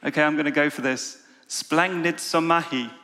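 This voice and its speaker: A man delivers a sermon, his voice sitting a little higher than most. He walks his listeners through an imagined scene and asks them questions as he goes. The sound carries a long reverb from the room around him. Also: moderate pace, a bit bright. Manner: storytelling, inviting the audience. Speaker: preacher. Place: church meeting room with an audience.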